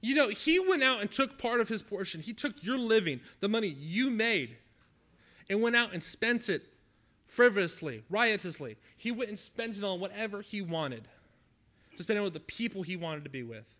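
A man playing a resentful older brother, a hardworking young man, pleading in an indignant voice with drawn-out emphasis. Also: sits high, sing-song, sharp tone, pitched above the performer's own voice, exaggerated voice.

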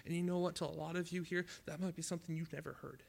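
A man preaching a sermon at a youth camp, conversational and dramatic, swinging from loud to hushed. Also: fairly high pitch, steady tone, racing, gravelly, a little hiss or hum.

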